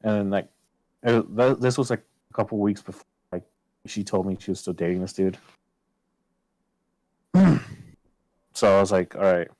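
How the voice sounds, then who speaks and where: Low-voiced man telling a story, swearing a lot. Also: moderate pace, long pauses, no echo, low-quality recording. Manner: swears a lot, quotes himself loudly. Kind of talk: casual storytelling on a podcast.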